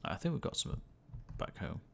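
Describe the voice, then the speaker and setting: A man's voice: normal speed, noisy background. A tired, yawning man muttering and swearing to himself as he comments on his own gameplay during a livestream. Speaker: gaming livestreamer.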